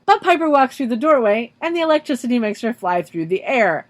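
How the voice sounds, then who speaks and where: A woman's voice: fairly high pitch, very animated, brisk. Woman casually recapping an episode. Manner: narrates plot step by step, dry asides. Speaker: podcast co-host.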